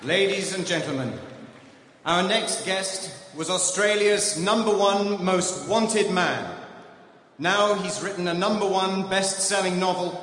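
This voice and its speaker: A man's voice: high-pitched, measured pace, fairly bright tone. A man introducing a guest on stage as host, in a formal announcer style. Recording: echoey hall.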